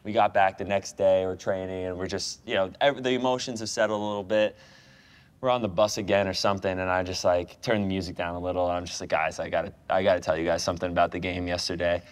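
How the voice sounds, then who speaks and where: A young American man speaks in a fairly low voice, spinning an animated story full of "like" and "you know." He laughs often and keeps the tone loose and conversational. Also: fast. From United States. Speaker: guest, professional goalkeeper. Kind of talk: casual chat.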